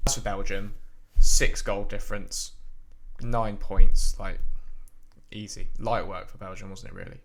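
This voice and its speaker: A man's voice: mid-range voice, creaky, a bit bright. A young man hosting a casual football roundup in a chatty way, with frequent ums and asides to the viewer. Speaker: football channel host.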